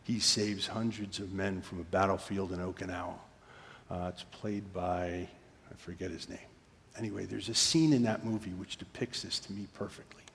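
A man's voice: low voice, steady tone, moderate pace, vocal fry, fairly bright tone, in a large hall, a little hiss or hum. A man preaching a sermon from the pulpit in a storytelling way, often dropping to a near-whisper. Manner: storytelling, drops to near-whisper for quoted moments. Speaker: pastor. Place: church sanctuary.

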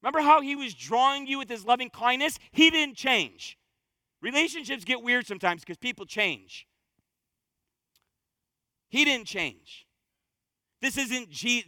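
A male pastor with a very high, bright voice, preaching from the pulpit in a fervent, exhorting sermon. He presses his points with urgent repetition. The sound is close and dry. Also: normal speed, no echo. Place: church stage.

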